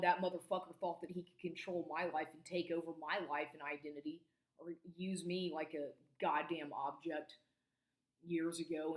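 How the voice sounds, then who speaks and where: A woman in her forties giving an agitated monologue to camera, swearing constantly and stumbling over restarts. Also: fairly low pitch. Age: 40s. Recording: echoey room recording.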